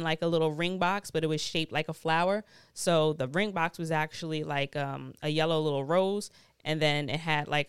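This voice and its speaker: A woman hosting a podcast, telling a travel story in a chatty, profane, animated way with plenty of slang. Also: low voice, clear, resonant tone, dry recording, clean studio sound. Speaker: podcast host. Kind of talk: casual storytelling monologue.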